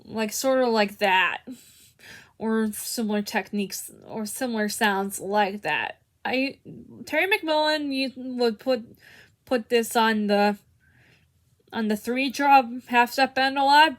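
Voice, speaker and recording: A woman's voice: a little high, takes it slowly. A young woman giving a casual harmonica tutorial, hesitant, with many restarts and fillers. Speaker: harmonica teacher.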